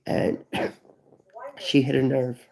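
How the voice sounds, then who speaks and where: A man's voice: medium pitch, monotone, slow, vocal fry, a little mellow. A man in his thirties talking to his viewers in a personal vlog, grieving and distraught, repeating himself and swearing. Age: 30s. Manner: repetitive, profane, emotional. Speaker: vlogger.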